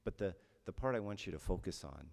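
A man's voice: sits low, animated, a little fast, vocal fry, a little mellow, long reverb tail. A man giving a conversational homily as a priest, often checking in with his listeners with "right?".

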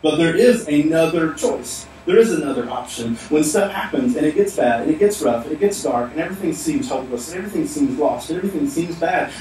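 A man's voice: fairly high pitch, darkish tone, a little hiss or hum. Preaching man in an echoey hall. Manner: emphatic, repetitive preaching. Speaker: pastor. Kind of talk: sermon. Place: church sanctuary. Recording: echoey hall, mic at a distance.

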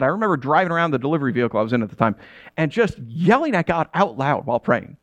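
A man's voice: a little high, big pitch swings, quick pace, fairly bright tone, no room sound. A man in his thirties preaching a conversational sermon, telling stories and asking rhetorical questions. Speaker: pastor.

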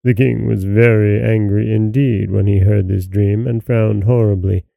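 A man narrating a fairy tale as a podcast host, in a measured, expressive way. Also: fairly low pitch, vocal fry, no room sound, phone-quality sound. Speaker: storyteller host.

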